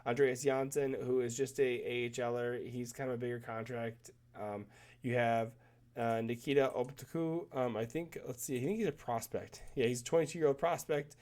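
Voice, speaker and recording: A man talking at an ordinary middle pitch, his nose stuffed up from a cold. He rambles through numbers on screen in a loose, enthusiastic way, stumbling and restarting as he goes. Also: steady tone, normal speed, darkish tone. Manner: rambling, self-correcting, enthusiastic. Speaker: hockey commentator. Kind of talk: casual screen-share commentary.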